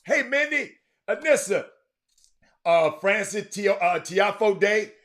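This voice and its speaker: A man's voice: high voice, lively intonation, slow, fairly bright tone. A man hosting a sports talk stream from a room at home, chatting loosely and calling out viewers by name. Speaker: sports talk show host. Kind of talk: casual live-stream chat.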